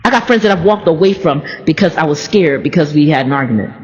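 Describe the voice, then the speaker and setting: A woman preaching an informal sermon in a lively, conversational way, often repeating words in long chanting runs. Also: sits low, quick pace, muffled recording. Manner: animated, conversational preaching with asides. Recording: long hall reverb.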